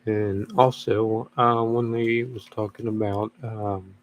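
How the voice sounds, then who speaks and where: A father talking casually to camera, halting and slow, with many fillers and pauses. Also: fairly low pitch, level tone, slight background noise. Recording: dull lo-fi recording.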